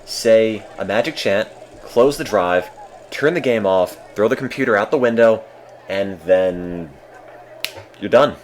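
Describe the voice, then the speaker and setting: A man chats through a game on a live stream in a deep, low voice. His delivery is deadpan and dryly self-mocking, with a faint ambient hum in the background. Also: a little slow. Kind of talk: casual live-stream commentary.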